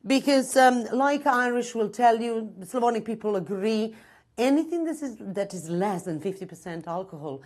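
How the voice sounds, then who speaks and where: A woman's voice: a little high, lively intonation, normal speed, a little mellow. A woman hosting a comedy show, chatting casually in a rambling way before introducing the acts. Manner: chatty and rambling, with many fillers. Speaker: show host. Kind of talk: casual chat and act introductions.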